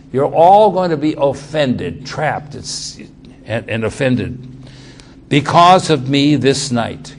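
A man preaching a sermon, reading scripture aloud and acting out the quotes with sudden swings in loudness and pace. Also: mid-range voice, a little hiss or hum. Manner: dramatic quoting of scripture, shifting loudness and pace.

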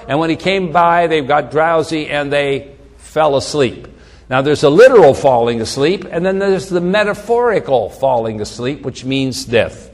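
Reading scripture with building intensity, a preacher wanders into relaxed asides during his sermon. His voice is on the high side, his pace moderate, and the room leaves a long reverb tail.

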